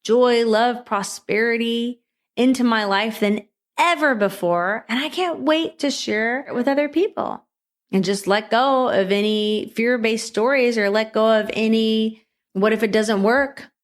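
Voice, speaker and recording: A woman's voice: a little high, measured pace. A middle-aged woman hosting a motivational solo podcast, upbeat and encouraging, with repeated exhortations and rising emphasis. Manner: repetitive exhortations. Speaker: podcast host.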